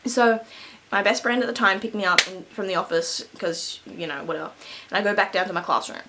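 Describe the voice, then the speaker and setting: A woman's voice: medium pitch, brisk, background noise. A young adult woman vlogger telling a school story casually, rambling with lots of fillers and frequent laughs. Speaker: beauty vlogger.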